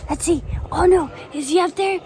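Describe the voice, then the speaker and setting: A woman voicing a group of jealous, scheming men in a children's Bible story, hushed and gleeful. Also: very high-pitched, moderate pace, a little hiss or hum, voice pushed up.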